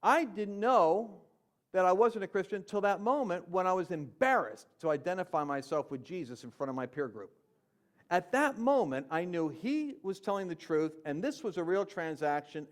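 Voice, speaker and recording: A man telling his conversion story in a conversational, animated way, jumping from loud emphatic bursts to quiet low asides. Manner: conversational with fillers and slang. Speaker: Christian speaker. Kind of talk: personal testimony storytelling.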